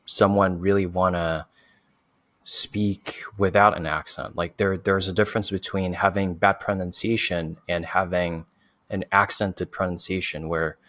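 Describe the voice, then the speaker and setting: A native French speaker hosts a relaxed chat in English, his voice low and steady. He strings thoughts together with likes and you knows. The recording is close and dry. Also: a little slow, no echo. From France. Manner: chatty, filler-heavy with many likes and you knows. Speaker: host. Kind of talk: casual conversation.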